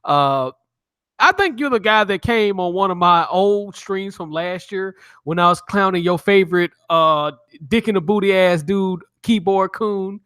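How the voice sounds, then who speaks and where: A man's voice: high-pitched, measured pace, bright, forceful tone, clean tone. A man hosting a livestream, asking questions and brashly trash-talking with profanity. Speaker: livestream host. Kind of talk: casual interview and chat.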